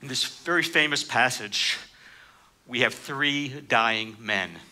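A man preaching a sermon, reading scripture and explaining it, lifting his voice sharply for quoted lines. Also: slow. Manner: animated, raises pitch for quoted speakers.

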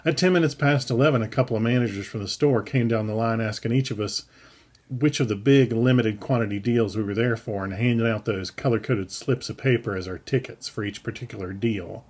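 A man reading his own story aloud in a wry, unhurried storytelling manner. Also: lowish voice, darkish tone. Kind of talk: audiobook narration.

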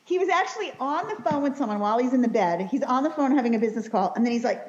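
A woman's voice: sits high, animated, rapid-fire, hardly any pauses, a little mellow, muffled recording. A woman co-hosting a casual local show, telling stories with a laugh and acting out quotes. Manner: chatty, laughing storyteller who acts out quotes. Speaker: co-host. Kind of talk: casual chat.

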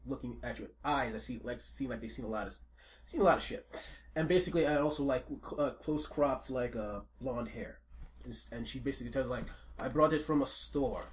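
A man's voice: mid-range voice, a little fast. A man running a tabletop role-playing game as game master, laughing often and improvising character lines.

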